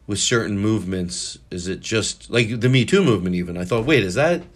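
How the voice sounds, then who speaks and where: A man hosting a solo podcast, rambling with many restarts and self-corrections, a little high. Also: brisk. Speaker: podcast host.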